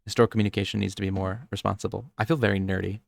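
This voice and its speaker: Speaking at a racing clip, a young podcast co-host from the United States chats casually about nerdy topics, rambling and cutting himself off to start over. His voice is fairly low and gravelly, with a steady tone.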